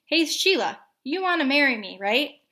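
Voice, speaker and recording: A woman voicing a chatty, blunt little boy in a storybook read-aloud, in a high singsong kid voice. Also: a little fast, fairly bright tone, natural voice. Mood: cheeky.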